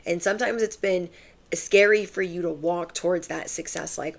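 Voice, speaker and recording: A woman's voice: on the low side, steady tone, normal speed, vocal fry. A young adult woman giving a channeled tarot reading to her viewers, casual and emphatic, full of slang and fillers. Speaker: tarot reader.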